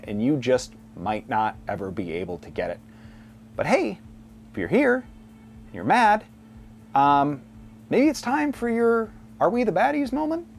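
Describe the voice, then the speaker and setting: A man's voice: medium pitch, darkish tone, slight background noise. A man hosting a scripted commentary video essay, with a sardonic delivery and mocking asides.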